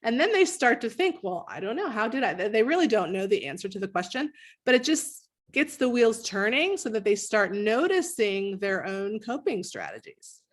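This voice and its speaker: A middle-aged woman coaching parents in a live talk, reading viewers' comments, animated and leaping high when she models praise. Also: moderate pace.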